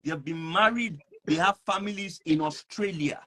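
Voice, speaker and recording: Guy hosting an online show, kinda high voice, earnest, keeps repeating himself to hammer it home. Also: moderate pace, a bit bright. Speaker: host. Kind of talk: animated online talk show.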